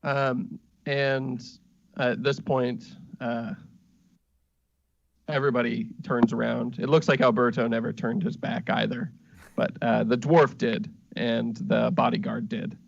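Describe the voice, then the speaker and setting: A man narrating a tabletop game as game master, with a halting delivery and many fillers. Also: medium pitch, level tone, gravelly, dry recording, muffled recording.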